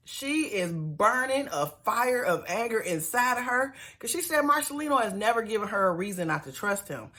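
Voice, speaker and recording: A woman's voice: medium pitch, animated, normal speed, hardly any pauses, bright, forceful tone. A woman giving a sassy, chatty recap of a reality show, with slangy asides to her viewers. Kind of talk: casual TV episode recap.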